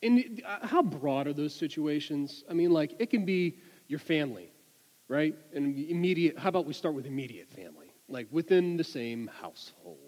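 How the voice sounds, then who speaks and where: A man giving a sermon, telling an anecdote with lively delivery and many restarts and repeated words. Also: fairly high pitch, moderate pace, big-room sound, low-quality recording. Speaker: preacher. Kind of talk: sermon with storytelling.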